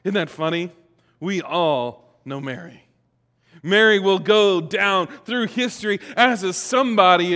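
A man preaching a sermon as pastor, swinging between loud, emphatic passages and quiet, reflective ones, acting out quoted lines. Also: high voice, in a large hall.

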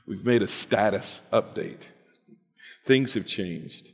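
A man's voice: lowish voice, slow, creaky. A man preaching a sermon in a conversational, emphatic storytelling manner. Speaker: pastor. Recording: echoey hall.

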